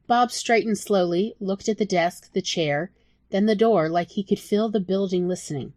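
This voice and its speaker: A woman narrating her own story in a soft, emotional audiobook style. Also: mid-range voice, moderate pace, dry recording. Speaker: author reading own story.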